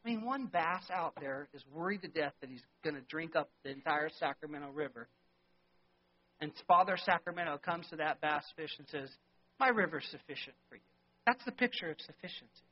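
High-voiced man preaching with emphatic questions. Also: brisk. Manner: emphatic preaching, rhetorical questions, swings between loud and soft. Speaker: pastor. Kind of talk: sermon. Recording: dull lo-fi sermon recording.

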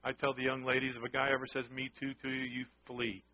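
A man's voice: medium pitch, monotone, quick pace, lo-fi sound. A man preaching a sermon, talking conversationally and often asking the congregation questions. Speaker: pastor.

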